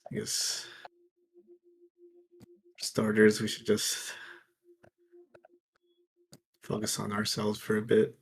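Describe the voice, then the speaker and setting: A man playing his character in a tabletop game, speaking hesitantly with halting restarts. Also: fairly low pitch, monotone, gravelly, breathy edge. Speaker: player.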